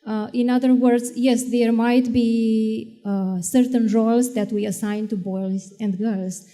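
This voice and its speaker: A woman educator talks on a discussion panel in a mellow, relaxed voice. She is thoughtful and measured, often pausing with small fillers as she builds her point. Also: a little high, in a large hall.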